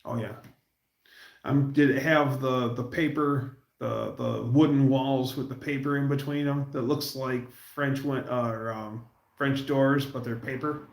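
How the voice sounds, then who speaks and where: A man's voice: mid-range voice, steady tone, gravelly, roomy sound. A man hosting a livestream, chatting casually and rambling through stories. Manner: rambling, storytelling, puts on quick voices for quotes. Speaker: livestream host.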